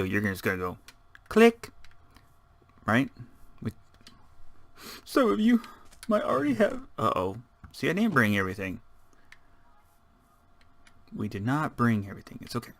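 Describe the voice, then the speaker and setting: A man's voice: mid-range voice, big pitch swings, normal speed, pauses often, pushed and bright. A man giving rambling, casual let's-play commentary, chatting and muttering to himself as he builds. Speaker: gaming channel host.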